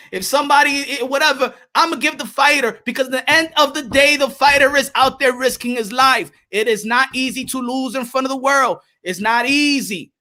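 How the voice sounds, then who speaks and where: With an extremely high, bright and forceful voice, this man hosts a boxing livestream. He rants heatedly at his chat, profane and repeating himself.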